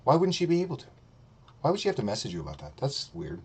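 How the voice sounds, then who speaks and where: Male streamer host, mid-pitched, foul-mouthed and scornful, ranting commentary. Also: huge pitch swings, quick pace, a little mellow, slightly rough. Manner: profane, mocking, blunt.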